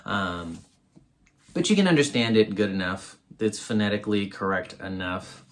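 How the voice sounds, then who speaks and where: Man, low voice, casual book review, rambling, lots of fillers. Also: normal speed, a little hiss or hum.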